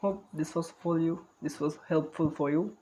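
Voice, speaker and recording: A man's voice: on the high side, fairly even intonation, moderate pace, background noise. A man giving an online spoken English lesson, talking carefully, repeating words and correcting himself as he goes.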